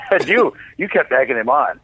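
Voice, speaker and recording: A man's voice: mid-range voice, normal speed, husky. A man, the guest, telling a casual, profane story with lots of restarts. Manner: animated, profane, many restarts. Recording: tinny phone-like, dry sound.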